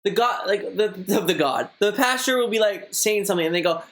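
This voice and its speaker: A man's voice: high voice, lively intonation, a little fast, a bit bright, a little hiss or hum. Rambling young man chatting on stream. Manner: rambling, many fillers like "like", chatty. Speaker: streamer reading viewer messages. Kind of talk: casual live-stream chat.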